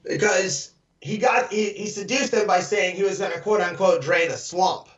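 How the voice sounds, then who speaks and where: A man with a fairly high voice rambles through a casual podcast chat, full of fillers and laughter. He is joining over a video call, so his voice comes through distant, roomy and muffled. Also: moderate pace, a bit bright. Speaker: podcast co-host.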